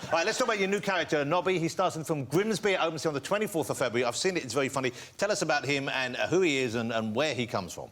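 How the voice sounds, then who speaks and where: A man hosting a talk show, introducing guests and topics briskly. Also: a little high, animated, a bit bright. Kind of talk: talk show host chat. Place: TV studio with audience.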